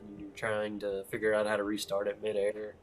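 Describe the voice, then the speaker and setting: A man's voice: fairly low pitch, completely flat delivery, fairly quick, low-quality recording. A man joining a live stream over voice chat, telling a story in a chatty, rambling way. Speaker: visiting fellow player. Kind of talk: casual chat over voice call.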